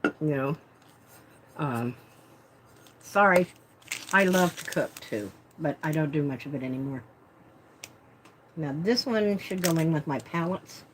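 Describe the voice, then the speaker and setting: A woman's voice: low voice, lively intonation, unhurried, long pauses, a little hiss or hum, poor audio. A woman vlogging as she unboxes art supplies, chatting and rambling with self-deprecating asides. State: talking with mouth full. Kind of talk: casual unboxing chat.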